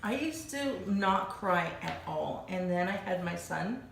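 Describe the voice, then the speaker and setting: Gravelly middle-aged woman, lively. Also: fairly low pitch, a little slow. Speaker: co-host. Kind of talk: casual chat. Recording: echoey room, distant mic, light noise.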